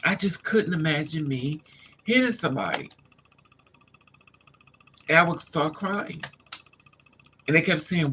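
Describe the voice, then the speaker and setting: Gravelly, emphatic streamer telling his story. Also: fairly high pitch, measured pace, pauses often, bright, forceful tone, slight background noise. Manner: emphatic, street-casual, addresses listeners as honey and child. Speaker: livestream host. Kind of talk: candid personal storytelling.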